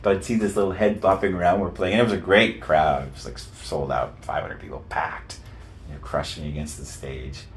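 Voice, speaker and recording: Deep-voiced man telling road stories. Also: a little fast, slight background noise. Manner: animated, rambling, lots of restarts. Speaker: guest musician. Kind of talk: casual interview storytelling.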